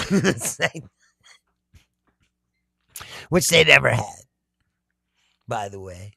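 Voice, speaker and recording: A man's voice: medium pitch, unhurried, creaky, pauses often, dry recording, clean studio sound. A man hosting a live stream. He reads viewer comments aloud, talks with lots of energy, laughs often and swears. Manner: animated, laughs often, shouts, profane. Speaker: host.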